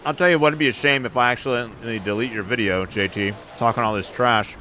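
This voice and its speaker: A man streaming and giving quick, upbeat live commentary on viewer runs in a game, calling scores and turn order. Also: medium pitch, pushed and bright, a little hiss or hum. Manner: upbeat, quick hype calls with laughs.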